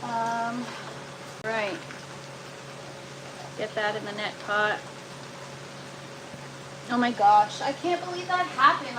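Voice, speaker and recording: Woman gardening streamer, casual live chat, groaning and exasperated, slow delivery, noisy stream. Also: fairly high pitch. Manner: groaning, exasperated, talks to viewers. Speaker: gardening livestreamer. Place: indoor grow tent. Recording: noticeable steady background noise.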